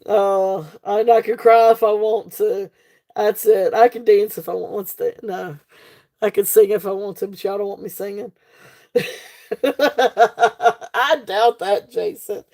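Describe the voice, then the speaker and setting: Slow-talking chatty woman seller. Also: medium pitch, steady tone, a little mellow. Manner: chatty, laughs often, many fillers and restarts. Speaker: jewelry seller hosting a live sale. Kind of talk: casual live-stream sales chat.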